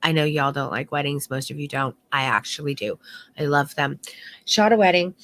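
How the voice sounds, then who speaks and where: A woman's voice: sits low, lively intonation, brisk, a bit bright. A middle-aged woman photography instructor teaching an online course in a heartfelt, candid way, swearing now and then.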